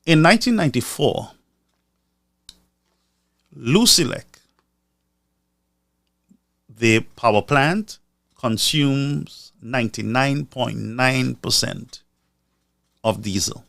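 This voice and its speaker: A man's voice: mid-range voice, animated, slow, gravelly, pauses often, a bit bright, dry recording, studio quality. A man from Lucia, giving commentary on a live stream and repeating figures for emphasis. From Saint Lucia.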